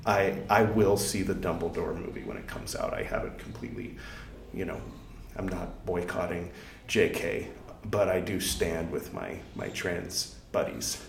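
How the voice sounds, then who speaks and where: A man's voice: sits low, a little slow, creaky, echoey room, slight background noise. A man hosting a podcast in a casual, digressive way, full of fillers, restarts and self-deprecating asides. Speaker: podcast host. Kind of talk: casual rambling podcast talk.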